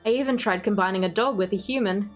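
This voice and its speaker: A woman's voice: medium pitch, quick pace, faint music behind, close to an everyday voice. A woman reading as a cold obsessive doctor. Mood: gloating. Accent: Australian. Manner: calm, formal, softly menacing. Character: cold obsessive male doctor doll-maker.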